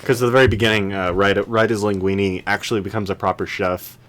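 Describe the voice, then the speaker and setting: A man's voice: on the low side, level tone, fast, a bit bright. A young man co-hosting a podcast in casual chat, laughing often and putting on voices when he quotes. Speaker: podcast co-host.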